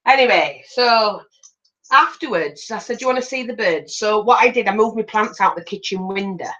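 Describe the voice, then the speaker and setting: Here a grandmother hosting a craft channel keeps up chatty storytelling over a tutorial, speaking at a moderate pace with a medium-pitched voice. She's animated, performing small character voices in her anecdotes, and the sound is lo-fi.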